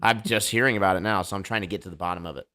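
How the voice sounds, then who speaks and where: A man's voice: sits low, rapid-fire, bright, forceful tone. A man hosting a casual livestream debate show, talking loosely and joking as he sets things up. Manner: loose, joking, hype-style banter.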